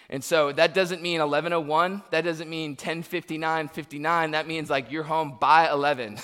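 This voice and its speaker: Animated male preacher in a reverberant hall. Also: fairly high pitch. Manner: animated, humorous storytelling with acted-out quotes. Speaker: pastor. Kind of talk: sermon with personal stories.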